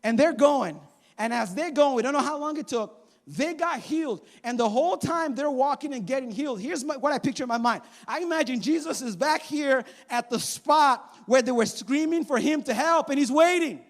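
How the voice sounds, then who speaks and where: A man of around forty preaching a sermon in a church, animated and acting out the voices of people in the story. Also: very high voice, normal speed. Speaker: pastor. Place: church sanctuary.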